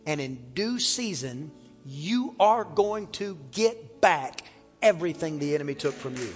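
A man preaches with fervor in a high, ringing voice, pushing toward shouts and calling for the crowd to repeat after him. His words hang in a long church reverb, and soft music plays underneath. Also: animated, measured pace. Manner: fervent preaching, rising to shouts, calls for congregation responses. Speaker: pastor. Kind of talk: sermon. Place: church sanctuary.

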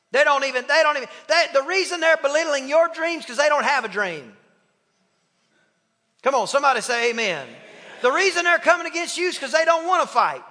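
High, bright-voiced impassioned preacher man. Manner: impassioned, with repetition and call-and-response. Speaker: pastor. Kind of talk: sermon. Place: church sanctuary. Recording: long reverb of a church hall.

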